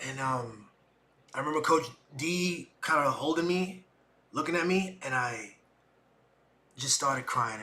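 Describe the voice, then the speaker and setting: A middle-aged man, hosting a podcast and telling a personal story with emotion, acting out what people said. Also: on the high side. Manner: emotional, animated retelling with acted-out quotes. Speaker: podcast host.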